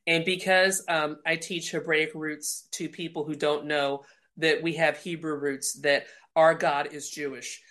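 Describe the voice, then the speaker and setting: A woman telling a lively faith testimony, laughing and acting out the voices in her story. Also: low voice, unhurried. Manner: animated, laughing, acts out dialogue. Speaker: guest speaker. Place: lounge at home.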